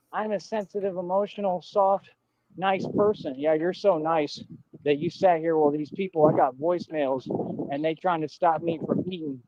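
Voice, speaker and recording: A man's voice: on the high side, a little mellow, no echo, lo-fi sound. A man delivering a defiant, repetitive livestream rant in casual street slang. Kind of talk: ranting livestream monologue.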